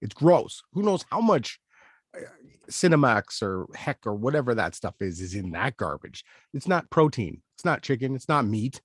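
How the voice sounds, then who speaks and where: A man's voice: medium pitch, big pitch swings, normal speed, no room sound, studio quality. A man hosting a commentary show, ranting indignantly and emphatically about a clip he has just played. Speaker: channel host.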